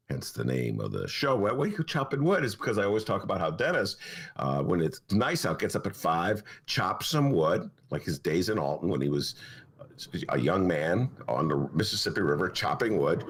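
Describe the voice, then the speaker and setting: Older guy rambling on his podcast, super lively up-and-down voice, opinionated. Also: low voice, fairly quick, vocal fry, slightly rough. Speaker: podcast host. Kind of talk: casual chat.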